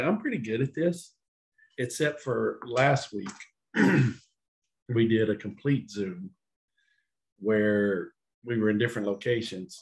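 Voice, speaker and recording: A man's voice: medium pitch, a little mellow, a little hiss or hum, rough recording. A middle-aged man hosting a casual family podcast, joking and teasing in a playful way. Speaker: podcast host. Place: home, over a video call.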